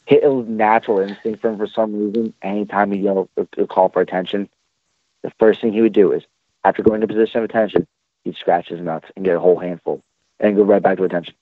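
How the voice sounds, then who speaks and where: A man's voice: fairly low pitch, fast, no room sound. Profane man on a tinny call. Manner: profane, animated anecdote telling. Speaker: podcast host, military veteran. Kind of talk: casual storytelling chat. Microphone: online call. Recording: dry, tinny phone-like call audio.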